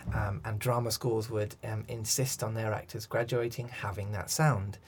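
A man's voice: fairly low pitch, little pitch movement, normal speed, slight background noise. A man, a coach, answering interview questions thoughtfully with frequent restarts and ums. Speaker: accent coach.

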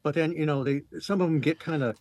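A male correspondent with a fairly high, husky voice makes wry jokes on a video call. He talks in casual banter. The sound is close and dry. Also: fast, darkish tone, no room sound. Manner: wry, joking. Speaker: show correspondent.

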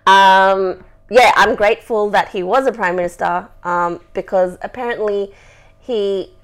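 A woman hosts a loose, live podcast chat. She rambles from point to point, trails off with fillers, and laughs often. Her voice sits at an ordinary pitch. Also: a little slow, faint music behind. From Australia. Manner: chatty, rambling, laughs a lot. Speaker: podcast host. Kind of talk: casual chat, live stream.

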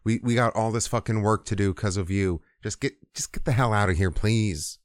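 A man voicing an irritated crowd of laborers in a crude comedic retelling. He brushes someone off with quick, profane words. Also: fairly low pitch, no room sound, studio quality, natural voice. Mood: dismissive.

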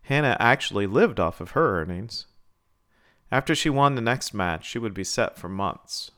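A man reading a short story aloud in a measured, scripted narration. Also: on the low side, animated, fairly bright tone.

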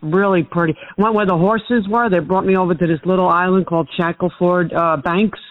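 A woman calling into a talk radio show, telling a friendly, relaxed story. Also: fairly low pitch, a little fast. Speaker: caller. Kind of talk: casual talk radio chat. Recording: tinny phone line.

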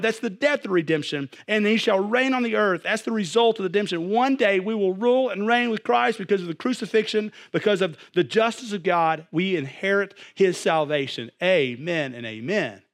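Young pastor, slightly high voice, animated, swings from loud to hushed. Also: male voice, a little fast, few pauses. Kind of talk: sermon.

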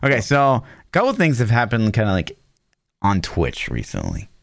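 A man's voice: lowish voice, wildly swooping pitch, brisk, gravelly, no echo, clean studio sound. A young man co-hosting a podcast in casual chat, laid-back and wry, full of fillers. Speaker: podcast co-host.

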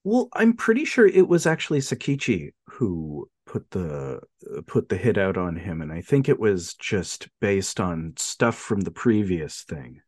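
A man's voice: low-pitched, measured pace, few pauses, breathy edge, no room sound, clean studio sound. A man co-hosting a film podcast in casual chat, chuckling often and retelling scenes. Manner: chuckling, retells scenes with animated quoted lines.

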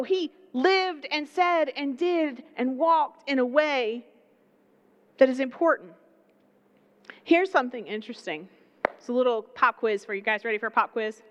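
A woman preacher with a Southern accent, delivering an animated, conversational sermon with playful asides. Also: sits high. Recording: dull lo-fi sound.

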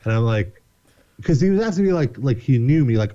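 A man spins a long, rambling story as a podcast guest, animated and quick to swear and laugh. His voice is dark and mellow, and the recording sounds slightly dull. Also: mid-range voice. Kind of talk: casual storytelling.

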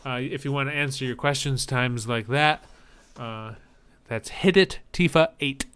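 A man hosts a podcast in relaxed banter and rambles through the show announcements. His voice is smooth and resonant, in a middle pitch. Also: measured pace. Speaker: podcast host.

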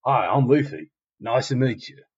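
A man's voice: medium pitch, lively intonation, normal speed, breathy edge, dry recording, pitched above the performer's own voice. A man voicing a carefree, cheerful young male pirate in an easygoing, breezy way. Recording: dull lo-fi recording.

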